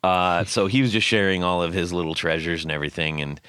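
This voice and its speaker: Deep-voiced man telling stories on a podcast. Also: fast, clear, resonant tone, no echo, studio quality. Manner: animated, laughing storyteller. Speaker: podcast host. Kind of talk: casual podcast chat.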